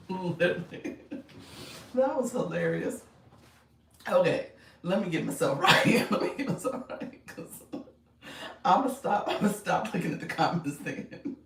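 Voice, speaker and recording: A woman hosting a livestream, chatty and quick to laugh as she answers her viewers. She speaks slowly with a lively, swooping pitch. Her voice sounds roomy and a little distant from the mic. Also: slight background noise. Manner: laughs often, chatty, reads out comments. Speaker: livestream host and coach. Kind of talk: casual livestream chat with viewers. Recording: echoey room, distant mic.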